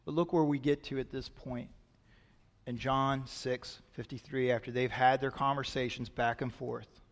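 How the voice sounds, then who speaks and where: A male pastor preaching a sermon in a church sanctuary, speaking earnestly and building to loud, emphatic passages. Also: mid-range voice, steady tone, normal speed. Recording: long reverb of a large hall.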